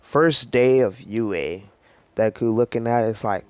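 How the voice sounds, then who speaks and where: A man's voice: mid-range voice, a little slow, smooth, no room sound. A man casually telling a made-up story, rambling with lots of fillers. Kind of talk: casual fan-fiction storytelling.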